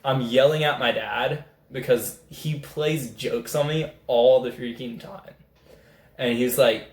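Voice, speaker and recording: A young man, telling a rambling, excitable story as a casual vlogger. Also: mid-range voice, normal speed. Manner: excitable, rambling, animated retelling. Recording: echoey room.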